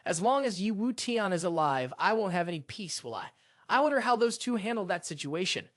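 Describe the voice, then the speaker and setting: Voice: medium pitch, lively intonation, a little fast, dry recording, studio quality, natural voice. A narrator voicing an arrogant young male executive who snaps at people and panics easily. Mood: brooding. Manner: snappish, flustered.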